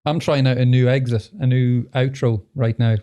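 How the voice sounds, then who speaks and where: Guest, dark mellow voice, dry short quips, relaxed chat. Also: male voice, mid-range voice, normal speed. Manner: dry, brief remarks. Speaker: podcast guest. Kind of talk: casual chat.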